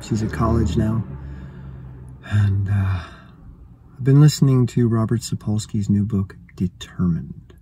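A man's voice: fairly low pitch, unhurried, pauses often, dark tone, breathy edge. A man in his fifties, a fitness vlogger, talks to the camera in a casual, reflective way and thinks aloud. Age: 50s. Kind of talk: casual vlog monologue.

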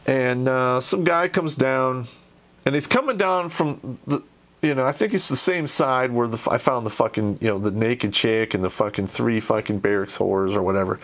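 Casting note: male host, mid-pitched, profane and blunt, loose rambling storyteller with lots of fillers. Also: moderate pace, a bit bright. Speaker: podcast host telling army stories. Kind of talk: casual storytelling monologue.

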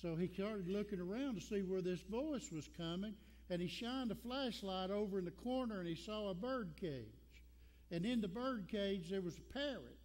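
A man's voice: sits high, darkish tone. A man with a Southern American accent preaching a Sunday sermon as pastor, folksy and storytelling, repeating lines for emphasis. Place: church sanctuary. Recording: long church reverb.

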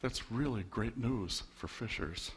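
A man's voice: mid-range voice, a little slow, a bit bright, slight background noise. A man preaching a sermon as a pastor in a church, wry and conversational, leaning on rhetorical questions. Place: church sanctuary.

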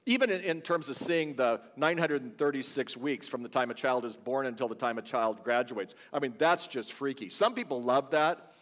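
A man's voice: mid-range voice, moderate pace, hardly any pauses, fairly bright tone, big-room sound. An older man, a guest pastor, preaching a sermon full of chatty, humorous family stories in a church. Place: church sanctuary.

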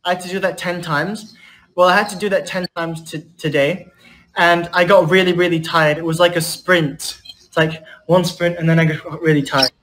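A man's voice: fairly high pitch, fairly even intonation, moderate pace, a bit bright. A man hosting a casual livestream, chatting with his parents and thanking viewers. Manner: chatty, talks about his day to viewers and family. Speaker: livestream host. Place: home indoors, outside a restaurant. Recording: echoey room with music playing.

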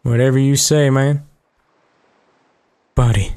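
The same gaming host jokes and swears casually through his running commentary, reacting aloud as the game unfolds. His ordinary-pitched voice is darkish yet clean, with fairly even intonation and a slow pace.

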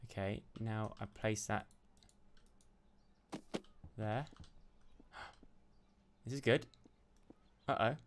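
A young man doing let's play commentary, excitable and jumpy, yelping and shouting when startled. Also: fairly low pitch, drawn-out words, pauses often, a little hiss or hum. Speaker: gaming YouTuber.

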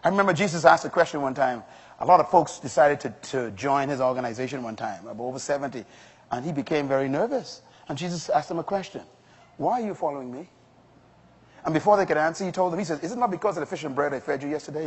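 A man's voice: fairly high pitch, fast talker, husky. A male pastor delivering an emphatic sermon to a congregation, rising to strong exclamations. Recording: long hall reverb.

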